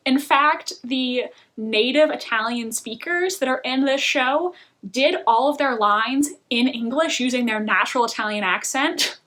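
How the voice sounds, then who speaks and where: A woman's voice: a little high, sharp tone. A young woman vlogging casual TV reviews, chatty and opinionated, laughing often as she talks. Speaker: book and TV vlogger.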